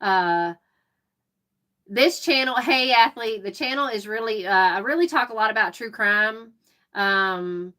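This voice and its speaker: A chatty woman with a Southern Alabama drawl, talking off the cuff on a live stream. Her voice is bright and forward, at a middle pitch for a woman. She talks in an opinionated, easygoing way. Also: unhurried. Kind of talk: casual live-stream chat.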